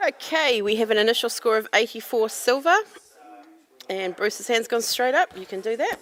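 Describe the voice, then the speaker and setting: A woman chairing a photography judging session, brisk and lightly teasing as she moves things along. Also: a little high, expressive, fairly bright tone. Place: judging room.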